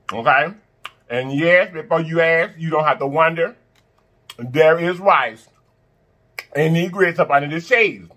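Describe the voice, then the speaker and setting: A man hosting a casual eating-show video, chatting to viewers, chanting catchphrases and humming as he eats. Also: on the high side. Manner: animated, chants catchphrases, hums while eating. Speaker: mukbang channel host.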